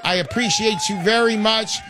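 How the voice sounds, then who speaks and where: A man's voice: high-pitched, moderate pace, a crowd in the background. A man hosting a call-in radio show, brash and hard-selling, repeating his points.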